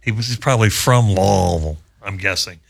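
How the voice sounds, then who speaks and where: A man's voice: fairly low pitch, brisk, gravelly. A male radio show host, chatting casually in a rambling, joking way with wry asides. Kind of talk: casual chat.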